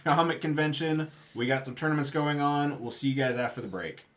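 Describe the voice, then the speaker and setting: A man's voice: fairly high pitch, a little fast. A man making an upbeat promotional announcement before a break. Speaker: host.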